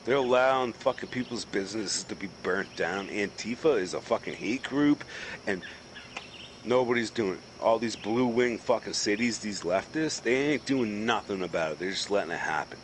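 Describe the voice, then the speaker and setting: A man's voice: on the low side, expressive, moderate pace, a little hiss or hum, low-quality recording. A man from the US East Coast in a casual chat while gaming, ranting heatedly and swearing constantly.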